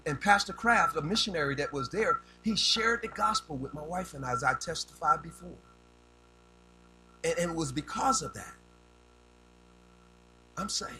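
A man's voice: fairly high pitch, animated, normal speed, long pauses, over music, rough recording. An older man preaching a sermon in a folksy, down-home way, often repeating words as he builds a point. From rural United States.

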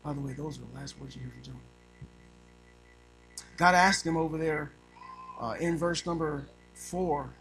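Bright-voiced preacher swinging quiet to loud. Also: male voice, a little high, normal speed, long pauses, faint music behind, poor audio. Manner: reads scripture in old-fashioned wording. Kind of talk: sermon.

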